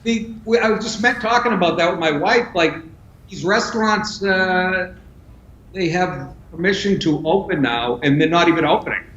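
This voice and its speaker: Deadpan New comic, echoey room. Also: male voice, sits high, normal speed, lo-fi sound. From New York. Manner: deadpan, crude one-liners. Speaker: stand-up comedian guest. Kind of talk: dry joking banter on a remote call. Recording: echoey roomy sound.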